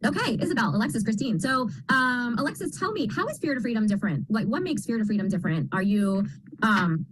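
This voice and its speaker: A woman's voice: a little high, expressive, fast talker, breathy edge, rough recording. A woman coach leading a casual group video call, affirming the others as she talks.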